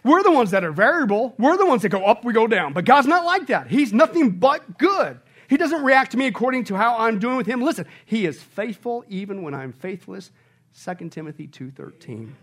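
A man delivers a sermon in a high voice. His delivery is emphatic and repetitive, climbing almost to shouts and falling back to low, hushed warnings. He keeps tossing rhetorical questions to the congregation. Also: big pitch swings, brisk. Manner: emphatic, repeats phrases, rises to shouting and drops to hushed tones. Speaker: pastor.

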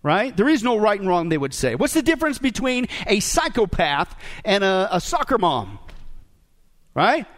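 A man's voice: high-pitched, sing-song, moderate pace, a bit bright. A male pastor preaching a sermon, joking and asking the congregation rhetorical questions.

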